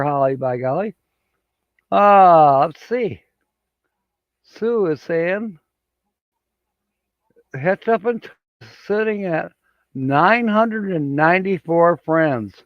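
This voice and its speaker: A man's voice: high-pitched, animated, very slow, long pauses, no room sound, phone-quality sound. A man hosting a casual livestream, reading out viewer comments and chuckling often as he rambles along. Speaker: livestream host. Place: home studio with green screen.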